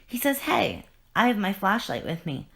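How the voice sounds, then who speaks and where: A woman reading aloud the lines of a bitter, broken male clown villain, getting louder as she tells his joke. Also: mid-range voice, wildly swooping pitch, normal speed, creaky. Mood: storytelling.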